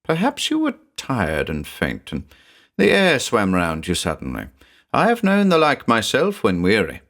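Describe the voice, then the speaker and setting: A brave village priest of olden times speaks with solemn, reassuring warmth, his voice lifting higher and fuller than the narration, as a male narrator puts him on. His delivery is lively and rises often, in a spoken horror tale. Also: unhurried, full character voice. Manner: solemn, reassuring, forced cheer. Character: earnest medieval village priest, steady and brave.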